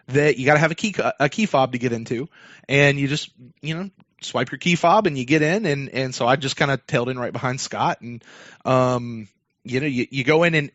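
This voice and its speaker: With a medium-pitched, slightly bright voice and a somewhat fast delivery, a man hosting a sports podcast spins out a long story in loose, casual fashion, with plenty of fillers and restarts. There's no echo, and the lo-fi audio sounds dull and dry.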